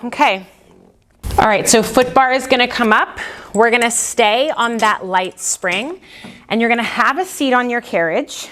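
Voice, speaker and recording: A woman's voice: on the high side, a little slow, fairly bright tone. Woman teaching pilates, counting reps, cheering you on, bit out of breath. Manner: encouraging cueing with breathing counts. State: out of breath at times. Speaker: Pilates instructor. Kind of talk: guided workout instruction.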